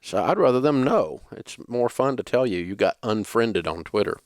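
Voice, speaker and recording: A man's voice: medium pitch, animated, normal speed, a little mellow, no room sound. A middle-aged man with a Southern US accent, hosting a radio show in blunt, joking, dismissive banter on a studio microphone. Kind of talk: casual talk radio banter.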